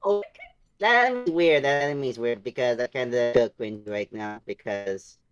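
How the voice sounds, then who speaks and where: Sheepish young man, lively pitch. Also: smooth. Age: young adult. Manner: sheepish, apologetic, halting. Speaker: co-host. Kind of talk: casual chat.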